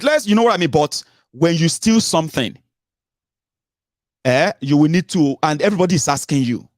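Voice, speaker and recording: A middle-aged man with a Nigerian accent giving casual political commentary from home as a show host, animated and full of rhetorical questions, slipping into pidgin and leaping up in pitch. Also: moderate pace, long pauses, no echo, studio quality. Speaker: radio and online show host.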